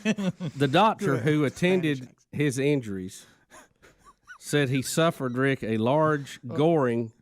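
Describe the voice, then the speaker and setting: A man co-hosting a radio show, making dry, deadpan asides and reading out reports. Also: mid-range voice, slow, no echo. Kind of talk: casual radio banter.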